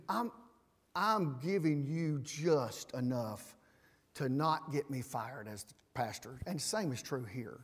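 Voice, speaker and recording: A pastor with a somewhat high, breathy-edged voice delivers a folksy, self-deprecating sermon and ends it in prayer. He is in a large church sanctuary, and the recording carries the long reverb of a big hall.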